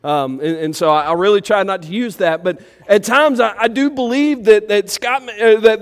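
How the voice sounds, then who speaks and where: Man preaching, kinda high voice, gets loud then drops real quiet, long echo in the church. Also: normal speed, hardly any pauses. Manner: swings between loud urgent pleas and quiet low reflection. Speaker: pastor. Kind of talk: sermon. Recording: church hall with long reverb.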